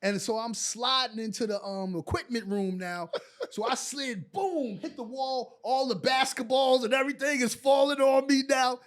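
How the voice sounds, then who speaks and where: A man in his forties from New York, a guest on a podcast, telling animated stories full of "like" and "so". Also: very high-pitched, normal speed. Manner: lively anecdotes packed with "like" and "so". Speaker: guest, former pro basketball player. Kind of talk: animated storytelling in a podcast chat.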